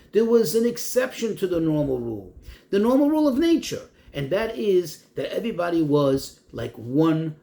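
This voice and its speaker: Rabbi giving a Torah class, man a high voice and a lively pitch swinging up and down, who asks questions and then explains. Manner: poses questions then answers them, reads Hebrew phrases and translates. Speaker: rabbi teaching a text class.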